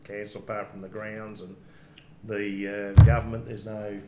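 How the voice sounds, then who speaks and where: A man's voice: fairly low pitch, little pitch movement, normal speed, reverberant, very noisy. An Australian man co-hosting a live club show, rambling and joking in casual banter. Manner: jokey, rambling, restarts. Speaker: co-host. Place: rugby club function room.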